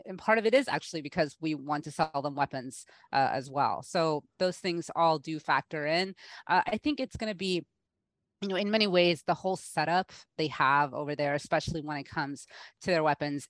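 A woman's voice: low voice, no room sound, clean studio sound. A woman journalist answering radio interview questions, losing her voice and coughing now and then, talking casually with lots of fillers and restarts. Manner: conversational, many fillers and restarts. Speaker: journalist guest.

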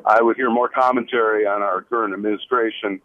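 A man's voice: lowish voice, steady tone, a little fast, dry recording. A man from the United States calling in to a radio show, enthusiastic and rambling. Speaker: caller. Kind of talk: radio call-in comment. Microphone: phone line. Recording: dry phone-line audio.

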